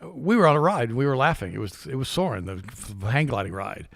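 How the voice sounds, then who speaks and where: An older man co-hosting a talk show, chatty and quick to chime in. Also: medium pitch, sing-song, vocal fry, a bit bright, no room sound, studio quality. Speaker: co-host. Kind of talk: casual chat.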